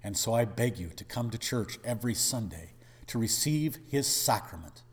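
A male pastor delivers a sermon with emphatic, dramatic rhetoric. His voice is husky and mid-pitched. Long church reverb trails after each phrase. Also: lively intonation, moderate pace.

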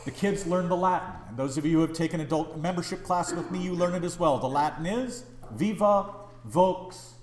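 A male pastor preaching a sermon, pleading and impassioned, swinging between raised urgency and hushed, tender lines. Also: fairly high pitch, moderate pace.

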